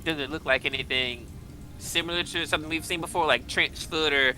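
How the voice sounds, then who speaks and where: A man's voice: a little high, steady tone, brisk, over music, poor audio. A man playing a tabletop role-playing game in character, talking in a rambling, hesitant way with many fillers. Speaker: player.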